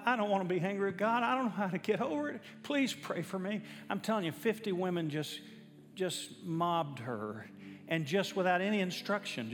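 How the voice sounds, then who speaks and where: Preaching man, high voice. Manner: emphatic, rising to a fervent preaching climax. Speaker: pastor. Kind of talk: sermon storytelling. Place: church sanctuary. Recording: reverberant church hall with faint music.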